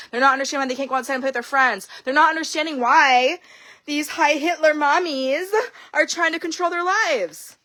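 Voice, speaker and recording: A woman's voice: sits high, bright, forceful tone, dry recording. A young woman vlogging in a casual confessional monologue, candid and blunt, swearing freely and telling her story with animation.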